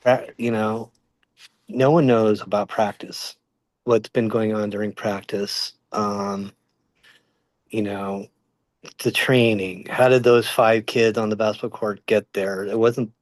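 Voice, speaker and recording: A man speaks as an interview guest, choosing his words in a measured way. He often pauses on ums and you-knows. His voice is mid-pitched and recorded dry and close, with no room sound. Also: fairly even intonation, no echo. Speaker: sports journalist guest. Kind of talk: casual interview talk.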